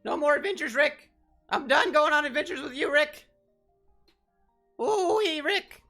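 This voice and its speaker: A man's voice: extremely high pitch, lively intonation, unhurried, vocal fry, pushed and bright, faint music behind, pitched above the performer's own voice, exaggerated voice. A man voicing a nervous, whiny teenage cartoon boy who stammers.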